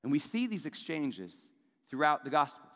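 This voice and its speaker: A male pastor preaching a sermon, moving from casual asides to loud, emphatic peaks. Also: fairly high pitch, big pitch swings, normal speed. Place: large church hall. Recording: long hall reverb.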